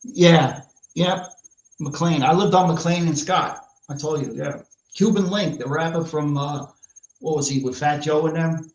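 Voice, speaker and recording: New york man, rough mocking rant, fairly high voice, echoey room, dull lo-fi sound. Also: a little slow. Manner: brash, profane and mocking. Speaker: podcast host. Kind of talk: ranting casual chat. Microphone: live stream mic.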